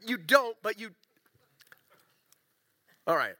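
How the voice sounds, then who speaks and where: A middle-aged man preaching a sermon as a pastor, in a conversational, animated and self-deprecating way. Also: sits high, slow pace.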